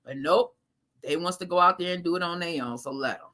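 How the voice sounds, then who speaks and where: Bright-voiced woman chatting on a live stream. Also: fairly low pitch, a little fast. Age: 30s. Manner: talks straight to viewers with slang, laughs often. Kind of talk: casual live-stream chat reading viewer comments.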